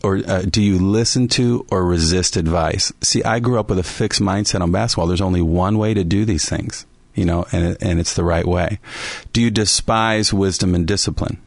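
Male podcast host, low gravelly voice, dry close sound, animated self-mocking storyteller. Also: normal speed, few pauses, no room sound. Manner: animated storyteller, laughs often at himself. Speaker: podcast co-host and basketball coach. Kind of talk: storytelling chat on a faith podcast.

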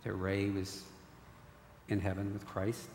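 A man's voice: fairly low pitch, completely flat delivery, slow, darkish tone, slight background noise. A middle-aged man, earnestly telling a personal faith testimony with frequent restarts. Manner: storytelling, repeated restarts, earnest. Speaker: guest sharing a testimony. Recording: echoey hall recording.

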